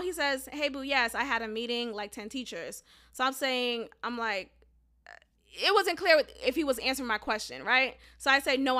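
A young adult woman hosting a podcast, telling a personal story in a candid, animated way and swearing freely. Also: high voice. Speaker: podcast host. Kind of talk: casual storytelling monologue.

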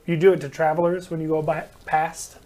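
A man runs a tabletop game in a loose, chatty way, stopping for fillers and laughs as he narrates. His voice sits a touch higher than most men's. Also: little pitch movement, brisk, mellow. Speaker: game master.

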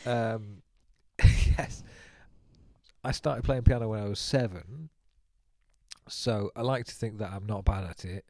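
A man co-hosting a relaxed chat podcast, his voice mellow and dark in tone. He trades dry, jokey remarks, recorded close and dry with no room sound. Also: lowish voice, slow pace, no room sound. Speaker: podcast co-host. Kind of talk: casual chat.

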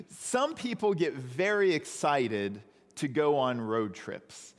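A man's voice: a little high, big pitch swings, unhurried, big-room sound. A man preaching a sermon as pastor, in a conversational storytelling manner.

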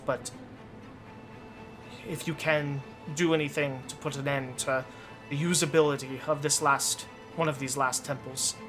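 A man voicing a woman ship captain who gives an earnest, halting send-off at a tabletop game. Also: fairly high pitch, natural voice. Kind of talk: game master voicing a character.

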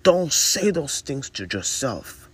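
A man's voice: mid-range voice, sing-song, slow pace, fairly bright tone, breathy edge. A man co-hosting a casual podcast, rambling loosely, ending his phrases with "man" and drifting into motivational advice. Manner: preachy motivational talk. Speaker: podcast co-host.

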